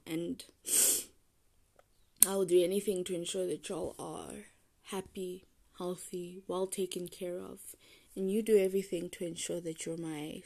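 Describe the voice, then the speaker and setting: Slow, mellow-voiced young woman rambling. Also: medium pitch. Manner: meandering, self-deprecating, trails off and restarts. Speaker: podcast host. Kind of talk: rambling solo podcast chat.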